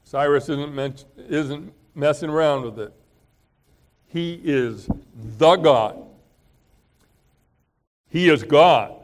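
A man delivers a sermon at an unhurried pace, in a fairly high voice for a man. His talk is loose and conversational, with frequent pauses, fillers and throat clearing. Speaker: pastor.

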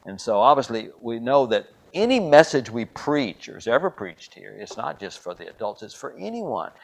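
An older man preaching a sermon and telling a story, swinging between loud, dramatic lines and hushed ones. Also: mid-range voice, sing-song, normal speed, creaky. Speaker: pastor.

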